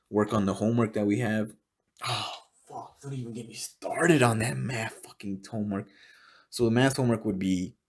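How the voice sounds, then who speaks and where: Gravelly low-voiced young man, rambling. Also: darkish tone. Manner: rambling and heavily profane, with many fillers; often drops to a low mutter. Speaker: podcast host. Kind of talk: casual podcast chat.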